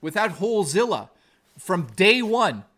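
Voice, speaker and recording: A male streamer with a fairly high voice rants heatedly into his mic, swearing and circling back on his points. He reads and answers his viewers' messages between tirades. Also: sing-song, unhurried, fairly bright tone. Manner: heated, profane, repetitive ranting. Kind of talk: angry live-stream rant and chat reading.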